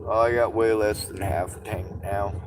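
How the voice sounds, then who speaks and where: A man's voice: lowish voice, steady tone, normal speed, noisy background. A man ranting bitterly to camera from inside a parked car, swearing often and complaining that nobody helps him. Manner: bitter, profane, shouting in bursts. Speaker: vlogger. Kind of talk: angry personal rant.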